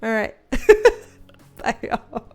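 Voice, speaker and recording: A woman's voice: a little high, sing-song, drawn-out words, darkish tone, faint music behind. A woman, a tarot reader chatting casually to her viewers in a loose, repetitive way. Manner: chatty, loose and repetitive, talks baby-talk to a puppy. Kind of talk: casual vlog chat.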